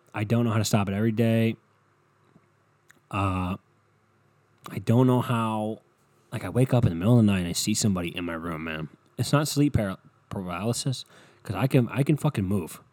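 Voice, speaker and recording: A man's voice: medium pitch, a little fast, no echo. A young man rambling through a profane, comedic monologue as a podcast host. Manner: rambling, profane, animated storytelling.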